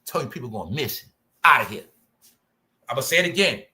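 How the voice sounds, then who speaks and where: Sharp-voiced man ranting at his viewers. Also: medium pitch, big pitch swings, fairly quick, breathy edge. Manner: profane, combative, fires rhetorical questions. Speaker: channel host. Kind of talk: ranting commentary to a live chat.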